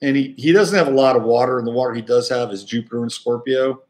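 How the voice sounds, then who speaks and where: A man hosting a casual astrology talk at a mid pitch. He rambles and corrects himself as he goes, filling gaps with easy fillers in a relaxed, conversational way. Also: fast. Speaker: astrologer host.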